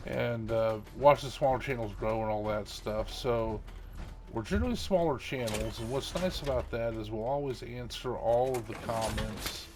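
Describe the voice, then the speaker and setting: A man's voice: medium pitch, normal speed. A middle-aged man hosting a gaming channel, chatting casually over gameplay in a rambling way, with many fillers and chuckles.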